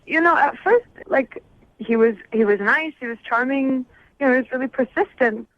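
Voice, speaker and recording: A woman calling in to a radio show, hesitant at first and sharp when pushed. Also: high voice, normal speed, no room sound. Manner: hesitant, then sharp and indignant. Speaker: caller. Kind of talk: phone call on a radio show. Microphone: telephone. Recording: muffled phone line.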